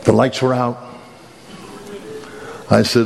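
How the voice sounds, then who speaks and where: Animated preacher in an echoing hall. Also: male voice, moderate pace, noisy background. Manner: animated storytelling with humor and big pitch swings. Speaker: pastor. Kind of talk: sermon with personal story. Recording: echoey hall with faint ambience.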